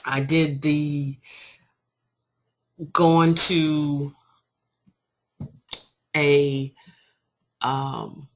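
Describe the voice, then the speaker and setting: A woman giving an informal marketing training talk, telling her story in an animated, emphatic way. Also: sits low, very slow, pauses often, a little hiss or hum. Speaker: online marketing coach.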